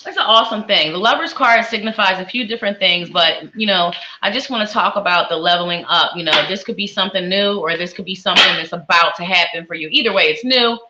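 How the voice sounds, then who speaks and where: A woman's voice: mid-range voice, quick pace, hardly any pauses, dull audio, background noise. A woman hosting a live psychic stream, giving tarot readings and greeting viewers in a sing-song, effusive way. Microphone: webcam with ring light.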